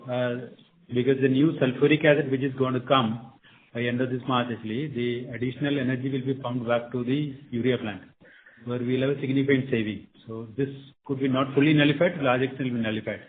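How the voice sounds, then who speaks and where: A man's voice: mid-range voice, fairly even intonation, fast talker. A male company executive explaining plans on an earnings call, over a tinny phone line with faint noise.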